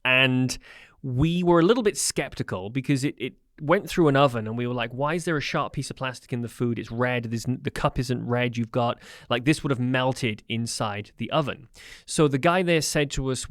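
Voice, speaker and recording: A man's voice: medium pitch, normal speed, a bit bright, no room sound, studio quality. Tired-sounding man telling a story. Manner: storytelling, self-deprecating. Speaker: podcast co-host. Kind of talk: casual chat.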